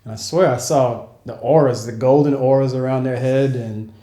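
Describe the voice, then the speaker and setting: A young man, a travel vlogger, casually telling a story to camera in a relaxed, slangy way with frequent laughs. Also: mid-range voice, moderate pace, roomy sound. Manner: laid-back, laughing, slangy, acts out quotes.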